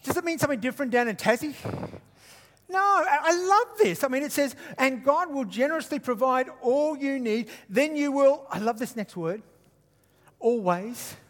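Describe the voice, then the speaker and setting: Brief: male preacher from Queensland, very high voice, lively and teasing with the crowd, long hall reverb. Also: normal speed. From Queensland, Australia. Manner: animated, jokey asides to the congregation. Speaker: guest preacher. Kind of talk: sermon. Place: church hall.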